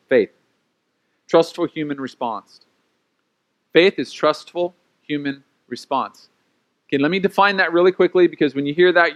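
A man preaching a sermon in a lively, conversational way, with playful acted asides. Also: mid-range voice. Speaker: pastor.

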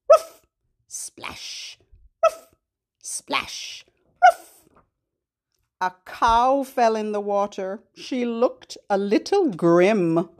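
A woman hosting a baby podcast, singing rhymes and reading a picture book aloud in a sing-song storytime voice with animal sounds. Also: a little high. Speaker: podcast host reading to babies.

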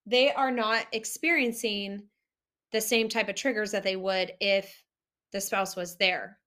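Earnest woman coach with a bright voice. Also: mid-range voice, steady tone, unhurried. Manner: earnest, direct, addresses listener as you. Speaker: marriage recovery coach. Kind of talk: direct-to-camera advice talk.

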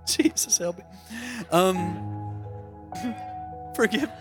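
A man's voice: medium pitch, unhurried, music in the background. A man, a pastor, preaching a sermon and telling a story with dramatic emphasis, acting out the voices of the people in it.

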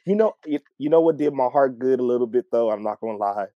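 A man co-hosting a casual podcast chat, excitable and enthusiastic in how he talks. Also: quick pace, no echo. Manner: excitable, swings between high and low. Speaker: podcast co-host. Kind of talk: casual chat about wrestling. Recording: slightly dull, lo-fi mic.

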